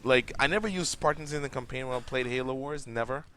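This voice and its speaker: A man's voice: mid-range voice, fast, fairly bright tone, a little hiss or hum. A young man co-hosting a late-night gaming stream, chatting casually while he plays, rambling and opinionated and swearing freely. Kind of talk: casual gameplay chat.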